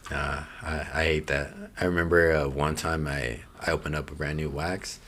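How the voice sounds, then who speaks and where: Deep-voiced male skater guest. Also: flat delivery, moderate pace, fairly bright tone, slight background noise. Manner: easygoing, rambling with fillers. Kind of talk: casual interview chat.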